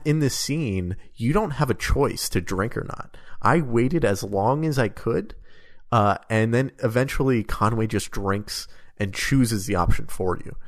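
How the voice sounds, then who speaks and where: Low-pitched man for a casual game podcast; hesitant, rambling delivery. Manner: rambling, hesitant, with many ums and laughs. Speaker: podcast co-host or guest. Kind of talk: casual video game discussion.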